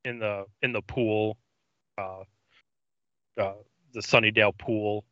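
A man in a casual podcast chat, recapping an episode slowly with many ums and uhs. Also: fairly low pitch, fairly even intonation, pushed and bright, dry recording. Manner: halting narration full of ums and uhs. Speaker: podcast co-host. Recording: dry, dull lo-fi mic.

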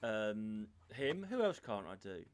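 A man's voice: fairly low pitch, very animated, slow, clear, resonant tone. A British man co-hosting a podcast in casual chat, playful and jokey, laughing often and slipping into silly voices. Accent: British English. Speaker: podcast co-host.

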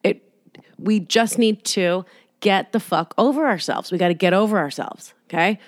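Brief: woman, solo podcast host at home, candid and rambling, mid pitch, dry room. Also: normal speed, no room sound. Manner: rambling, candid, sweary, self-deprecating. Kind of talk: casual solo podcast monologue. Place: apartment. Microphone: laptop.

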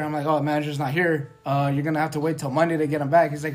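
A man's voice: fairly high pitch, fairly even intonation, fast, fairly bright tone, soft background music. A young man casually telling a work story among friends, slangy and laughing often. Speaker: podcast co-host.

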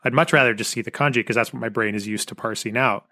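An American man hosting an interview, explaining points for listeners in a relaxed and conversational way. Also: medium pitch, fast, no room sound, clean studio sound. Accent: American English. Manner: explanatory, side remarks to listeners. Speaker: podcast host. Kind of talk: casual interview chat.

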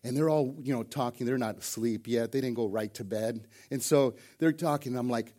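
During a church service, a middle-aged pastor speaks warmly in a mid-range voice, going a little fast. He tells folksy, joke-filled stories to the congregation, restarting often and saying "man" repeatedly.

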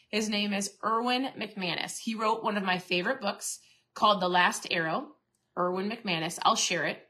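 A woman's voice: medium pitch, sharp tone. A middle-aged woman hosting a casual motivational podcast talk, chatty and earnest, often restarting and repeating herself. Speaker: podcast host and keto coach.

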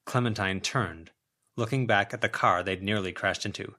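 A man narrating a fan-made audiobook of a web serial in an even, measured way. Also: fairly low pitch. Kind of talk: audiobook reading.

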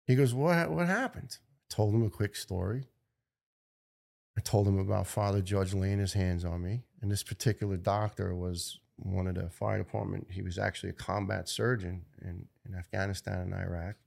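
A middle-aged man, a firefighter, telling personal stories in an earnest, halting way with restarts. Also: sits low, flat delivery, creaky, darkish tone. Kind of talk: personal storytelling speech.

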